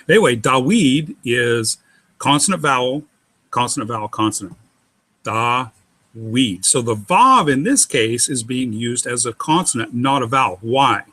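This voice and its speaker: Bright-voiced man teaching Hebrew syllables. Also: medium pitch, breathy edge. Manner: patient, methodical, spells out letters.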